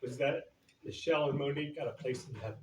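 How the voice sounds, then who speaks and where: Talking fast in a medium-pitched, darkish voice, a middle-aged man shares a loose, humorous story about his late cousin at a memorial. It's an informal eulogy delivered as storytelling, thick with fillers and quotes he performs. Slight background noise and audience murmur come through the distant, roomy recording.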